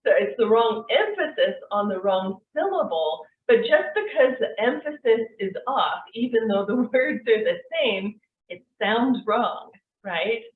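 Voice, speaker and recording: A woman teaching an online course, explaining things in a relaxed, conversational way with frequent fillers. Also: fairly high pitch, a little slow. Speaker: NLP course instructor. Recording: tinny, echoey, distant mic.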